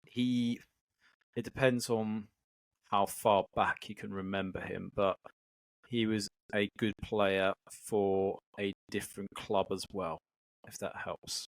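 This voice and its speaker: A low-voiced man co-hosts a football podcast, easygoing and relaxed as he runs through the fixtures and banters. His voice is dry and close, with no room sound. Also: slow pace, no room sound. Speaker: podcast co-host. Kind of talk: casual football chat.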